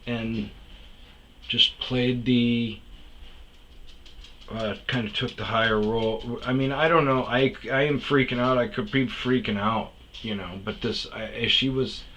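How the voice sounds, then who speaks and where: A man's voice: mid-range voice, steady tone, a little slow, bright, forceful tone, a little hiss or hum, low-quality recording. A man hosting a podcast, telling a story in a profane, heated rant that keeps restarting its sentences. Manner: swears often, restarts sentences, gets heated. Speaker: podcast host.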